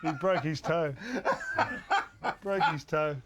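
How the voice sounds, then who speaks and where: A man's voice: on the high side, slow pace, background noise. A man with an Australian accent, co-hosting a sports show and telling rambling stories with chuckles. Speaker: co-host. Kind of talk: casual storytelling.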